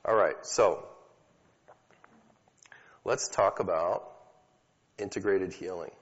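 In an echoey hall before a live audience, a man teaches about healing prayer in a slow, deep voice with a breathy edge. His talk is conversational, full of casual stories and fillers, captured on a dull, lo-fi recording.

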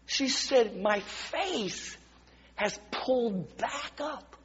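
A man preaching a sermon in a church, telling a story dramatically and swinging from hushed whispers to loud exclamations. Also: very high-pitched, animated, drawn-out words, slightly rough. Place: church sanctuary. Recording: dull lo-fi recording with long hall reverb.

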